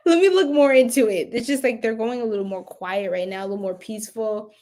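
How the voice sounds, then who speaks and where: A woman's voice: fairly high pitch, normal speed, darkish tone. A young woman giving a casual live tarot reading, chatty and giggly, talking to viewers in the chat. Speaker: tarot reader.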